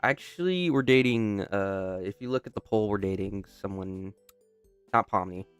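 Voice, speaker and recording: A man's voice: lowish voice, normal speed, smooth, soft background music. Young man reading a game aloud. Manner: stops and restarts, breaks off into joking asides. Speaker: gamer. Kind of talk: casual playthrough commentary, reading game text aloud.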